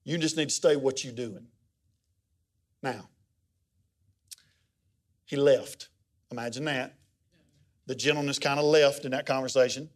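A man's voice: measured pace, pauses often. A middle-aged man, preaching a sermon as a pastor in a folksy, conversational storytelling way. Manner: folksy, conversational storytelling with lively pitch swings.

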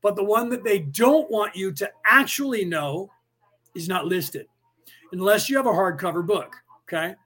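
High-voiced man rambling conspiratorially. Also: lively intonation, moderate pace, fairly bright tone, breathy edge. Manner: rambling, conspiratorial, addresses listeners directly. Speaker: podcast host. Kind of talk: casual live-stream monologue.

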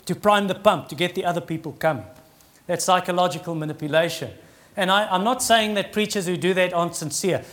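A man's voice: high voice, a bit bright. A middle-aged man preaching a sermon in an earnest, conversational way that rises in emphasis.

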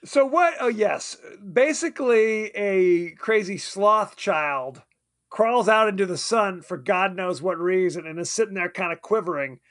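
Casual high-voiced male podcast cohost, laughy rambling recap. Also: expressive, unhurried, fairly bright tone. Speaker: podcast co-host. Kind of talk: casual movie-recap chat.

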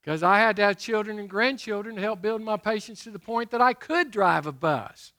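A middle-aged man preaching a sermon, emphatic, throwing questions to his listeners and slowing to stress scripture. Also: sits high, pushed and bright.

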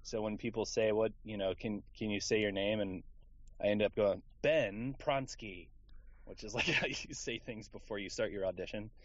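A man's voice: on the low side, steady tone, brisk, no room sound, highs cut off. A man from Houston, Texas, a voice actor guest in a casual interview, talking in an easygoing, rambling way with plenty of fillers.

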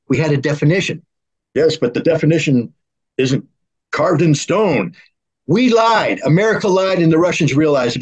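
A man's voice: fairly high pitch, slightly rough, low-quality recording. A man speaking as an arms control expert, talking heatedly and acting out quoted exchanges between negotiators. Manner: acts out both sides in mock dialogue. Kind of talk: animated political discussion.

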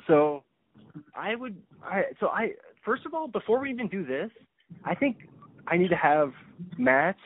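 A man co-hosting a relaxed movie podcast, chatting in an easygoing way with lots of restarts and quick laughs. His voice comes through thin and tinny, like a phone line, with no room sound. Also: high-pitched, husky, dry recording. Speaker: podcast co-host. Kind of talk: casual movie podcast chat.

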